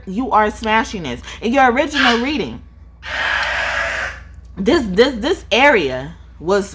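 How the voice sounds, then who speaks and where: Animated, profane woman reading tarot. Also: mid-range voice, husky. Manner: animated, profane, laughs often. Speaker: tarot reader.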